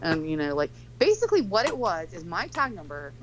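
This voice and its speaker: A woman's voice: lowish voice, big pitch swings, brisk, a little hiss or hum, rough recording. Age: adult. Sex: woman. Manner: rambling and profane. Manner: rambling, profane, heavy use of "like". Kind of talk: casual storytelling chat.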